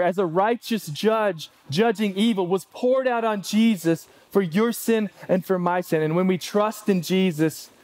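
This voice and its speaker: A man preaching a sermon as pastor, animated, acting out pleading quotes. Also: high-pitched, dry recording.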